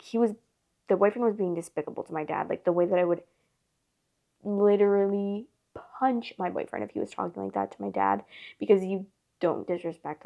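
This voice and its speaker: Gravelly-voiced woman rambling through a story. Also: medium pitch, darkish tone. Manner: rambling, filler-heavy with constant "like". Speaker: storytime host. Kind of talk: casual storytime chat.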